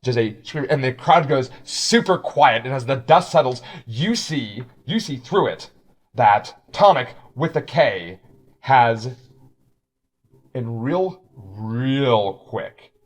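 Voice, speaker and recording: A man's voice: medium pitch, lively intonation, takes it slowly. Guy gm'ing a tabletop game, rambly, lots of restarts, mid voice. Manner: rambling, many restarts and fillers. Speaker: game master.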